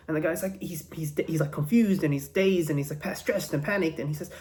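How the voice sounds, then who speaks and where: A man's voice: a little high, brisk, few pauses, a little mellow. A man telling a joke in a casual, rambling way, with many restarts and fillers.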